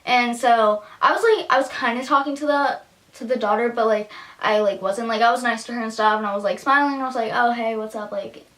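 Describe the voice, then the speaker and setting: Talking fast in a somewhat high, slightly bright voice, a teenage girl recounts a story to her camera. It's a chatty, casual vlog full of "like," and she acts out the quotes.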